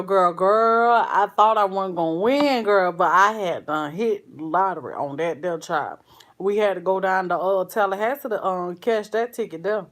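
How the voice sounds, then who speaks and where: A woman's voice: medium pitch, normal speed, a bit bright. A woman talks to her live-stream viewers in a loose, slangy way, calling them "girl" and "child." She slides into heated, profane rants about local grievances. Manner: ranting with profanity. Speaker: vlogger reading live chat. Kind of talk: casual live-stream chat.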